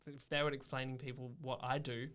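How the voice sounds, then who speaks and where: A man's voice: medium pitch, little pitch movement, a little fast, fairly bright tone. Thoughtful man, podcast guest. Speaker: podcast guest, digital media worker. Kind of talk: casual interview chat.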